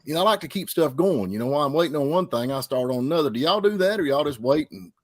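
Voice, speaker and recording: Fast-talking man telling car stories. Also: on the high side, animated, no room sound. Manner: fast folksy storytelling with Southern idioms. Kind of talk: casual chat about cars.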